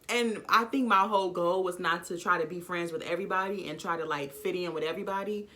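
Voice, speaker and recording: A young woman telling a casual storytime vlog from home, animated and blunt, with sassy asides to her viewers. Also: on the low side, fast, hardly any pauses, faint music behind. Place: home, dog snoring nearby.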